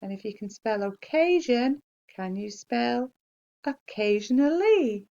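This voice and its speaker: A woman teacher giving a slow, clear spelling dictation to young children and praising them gently. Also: fairly high pitch, animated, lo-fi sound. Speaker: primary school teacher.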